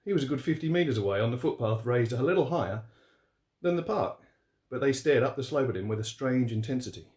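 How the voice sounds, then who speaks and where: A man reading his own horror story aloud, steady and relaxed, with a few fillers. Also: medium pitch, brisk. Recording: roomy echo.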